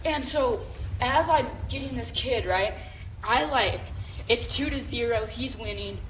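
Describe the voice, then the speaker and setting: A young woman co-hosting a podcast, telling a long story in a casual, animated, rambling way with lots of fillers and "right?" checks. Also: a little high, measured pace, slight background noise. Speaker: podcast co-host.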